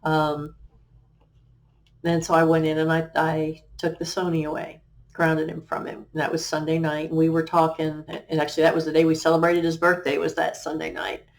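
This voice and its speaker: Earnest, halting middle-aged woman. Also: low-pitched, monotone. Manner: earnest, halting, with many fillers and restarts; quotes remembered conversations. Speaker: guest life coach. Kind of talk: personal testimony on a talk show.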